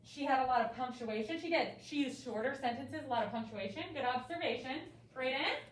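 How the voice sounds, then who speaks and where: A woman's voice: high voice, brisk, distant mic, slight background noise. A young woman teaching a third grade reading lesson, quizzing pupils in an encouraging way, recorded from across the classroom. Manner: lively, encouraging questioning of pupils. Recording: echoey classroom from afar. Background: faint classroom ambience.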